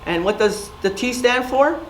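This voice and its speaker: A woman's voice: on the high side, expressive, moderate pace, slight background noise. A middle-aged woman giving a community presentation, telling stories and asking the audience questions. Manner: storytelling, asks audience questions. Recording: echoey room from far off.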